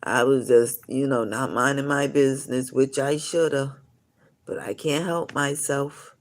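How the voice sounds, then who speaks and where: Casting: gravelly-voiced man, live-stream storyteller who rambles and digresses. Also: mid-range voice, fairly even intonation, unhurried. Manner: rambling, full of "you know" asides.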